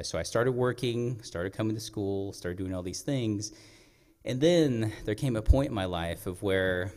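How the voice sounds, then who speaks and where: A man's voice: low voice, darkish tone. A young man, a storyteller, telling a personal story on stage in an earnest, reflective way. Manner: earnest, reflective, pauses and clears throat. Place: performing arts center stage. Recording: long hall reverb.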